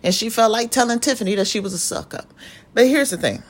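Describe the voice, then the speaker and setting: Young woman vlogger, fairly high voice, profane and emphatic rant, venting straight to camera. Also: fast.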